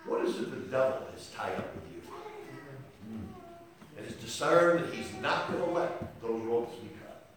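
A man preaching a sermon, telling a story with dramatic build-ups that rise to shouting. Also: medium pitch, expressive, normal speed, distant mic. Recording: echoey hall picked up from afar.

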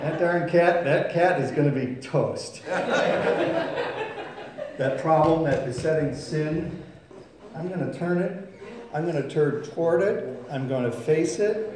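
A man's voice: fairly high pitch, a little slow, pauses often, a loud crowd. A man preaching a sermon in a folksy, storytelling way, acting out voices and sounds. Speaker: pastor. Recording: very echoey room.

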